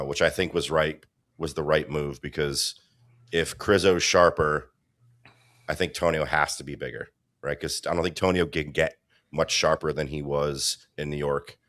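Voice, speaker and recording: Super deep-voiced guy on a podcast, blunt takes, dry dead room. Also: a bit bright, dry recording. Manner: opinionated, swears casually. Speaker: podcast co-host. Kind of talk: casual podcast chat.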